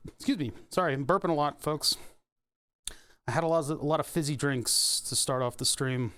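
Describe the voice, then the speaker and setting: A man with a slightly high voice chats casually on a livestream while doing a hands-on repair. He talks in a loose, joking way, with dry sarcasm and small chuckles. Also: normal speed, a bit bright, clean tone. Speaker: streamer doing printer repairs. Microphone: headset or desk mic.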